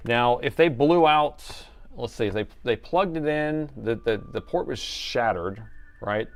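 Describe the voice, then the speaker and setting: A middle-aged man on a laptop repair live stream, rambling and joking while he works in his workshop. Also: fairly low pitch. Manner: rambling and joking, thinks aloud, slips into an announcer voice.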